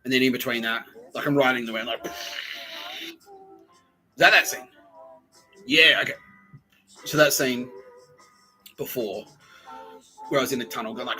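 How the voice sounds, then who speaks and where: Bright-voiced man, rambling and laughing. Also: medium pitch, normal speed, pauses often, faint music behind, poor audio. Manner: laughs often, acts out quoted voices. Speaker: podcast host. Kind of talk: rambling comedic monologue.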